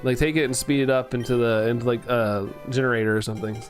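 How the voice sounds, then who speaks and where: A man's voice: medium pitch, fairly even intonation, fast talker, few pauses, faint music behind. A young man streaming, chatting casually and playfully, rambling, tripping over words and laughing at himself. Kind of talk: casual live-stream chat.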